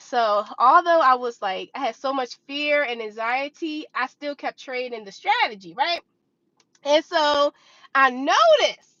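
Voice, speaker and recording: A woman's voice: sits high, bright, forceful tone, no echo. A woman in her twenties telling a personal trading story to her viewers in a casual, dramatic way, acting out her own reactions. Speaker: vlogger sharing stock trading experience. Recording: slightly dull, dry recording.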